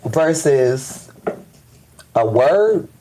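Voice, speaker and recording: A man's voice: medium pitch, big pitch swings, drawn-out words, dark tone, slight background noise, poor audio. A man hosting a spiritual live stream, ranting in casual, profane speech and repeating "you know what I'm saying.". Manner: restarts and stammers when fired up.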